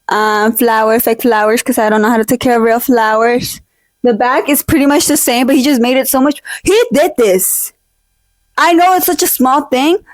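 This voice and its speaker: A young woman chats casually into a close mic at home, rambling with lots of fillers and playful fake-outs. Her voice sits a little high. The sound is dry, with almost no room echo. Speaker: vlogger. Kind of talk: casual chat. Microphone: own desk mic, held close.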